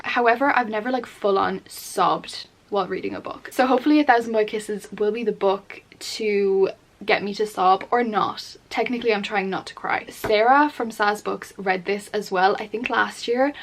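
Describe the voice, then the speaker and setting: A young woman chatting casually as a book vlogger, candid and full of fillers. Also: a little high.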